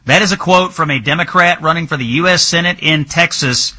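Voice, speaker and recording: Male political talk host, bright and husky, animated, sardonic. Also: fairly high pitch, brisk, hardly any pauses. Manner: sardonic, emphatic, incredulous.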